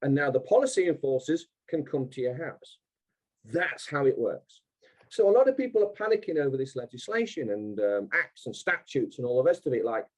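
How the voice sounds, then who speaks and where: A man speaking emphatically on a call, repeating his points and acting out imagined exchanges. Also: medium pitch. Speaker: guest speaker. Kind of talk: animated call talk.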